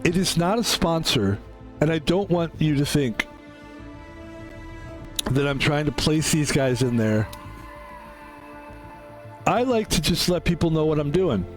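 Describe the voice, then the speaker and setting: A hoarse man still nursing his voice back, rambling and self-mocking as he chats through a live game stream. His speaking pitch sits a little high for a man. Faint music plays behind him. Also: lively intonation, a little slow, long pauses. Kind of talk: casual live-stream chat while gaming.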